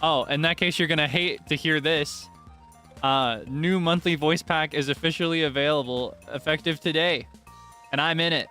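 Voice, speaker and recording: Young male streamer, playful and teasing, slightly high voice, soft game music underneath. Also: normal speed. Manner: playful and excitable, with sudden high squeals and teasing. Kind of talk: casual game livestream chat. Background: faint game music.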